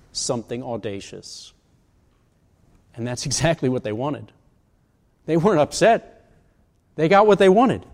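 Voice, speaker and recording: The long reverb of a large hall surrounds a pastor in his sixties as he preaches conversationally and asks rhetorical questions. He speaks at a medium pitch with a slightly mellow quality.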